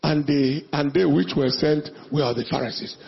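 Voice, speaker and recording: A man preaching a sermon with passion, shouting scripture and drawing out his phrases. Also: on the high side, normal speed, creaky, lo-fi sound.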